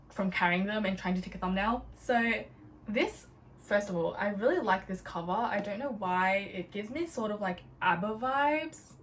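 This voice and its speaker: Chatty young woman, bubbly book talk, sits a bit back from the mic, faint hum behind. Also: medium pitch. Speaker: book vlogger. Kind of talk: casual book haul chat. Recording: a little distant from the mic, faint room noise.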